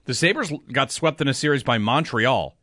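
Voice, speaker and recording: A man's voice: medium pitch, normal speed, no echo. New guy hosting sports radio, fired up, punches words hard, dry close mic. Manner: animated, emphatic, rising to loud outbursts. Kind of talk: sports talk radio banter.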